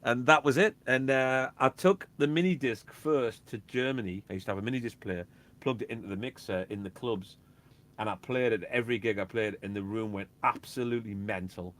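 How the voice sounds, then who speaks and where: A man, a DJ and label owner, chatting casually and telling animated stories that act out beats and quotes. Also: mid-range voice, brisk. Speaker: guest, DJ and record label owner. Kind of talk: casual chat.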